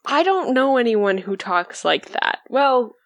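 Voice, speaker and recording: A woman from Canada, a podcast guest chatting casually, relaxed and hesitant with fillers. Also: on the high side, a little slow, no room sound, lo-fi sound. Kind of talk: casual chat.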